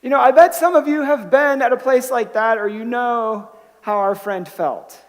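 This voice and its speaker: High-voiced pastor preaching in a reverberant church. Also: male voice, moderate pace. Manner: conversational storytelling with frequent restarts; rising to emphatic bursts on key points. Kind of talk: sermon. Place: church sanctuary. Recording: long hall reverb.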